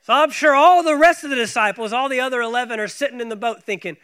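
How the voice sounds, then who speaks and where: A man with a very high, bright voice preaches a sermon. He leans hard on repeated phrases and swings between hushed asides and loud, driving lines. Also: fast talker, hardly any pauses, clean tone. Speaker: pastor.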